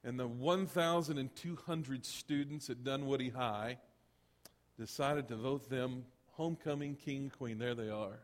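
A middle-aged male pastor telling stories in a sermon, swinging from loud to hushed. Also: mid-range voice, a little slow. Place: church sanctuary. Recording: long hall reverb.

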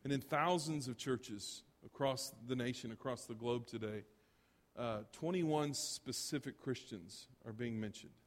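A man preaching a sermon as pastor, animated and rising to loud emphatic bursts. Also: mid-range voice, a little slow, long reverb tail.

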